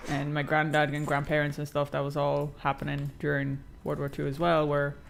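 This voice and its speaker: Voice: medium pitch, monotone, brisk, gravelly, slight background noise. A game streamer chatting casually while playing, slangy and profane, reading chat aloud and rambling with many fillers.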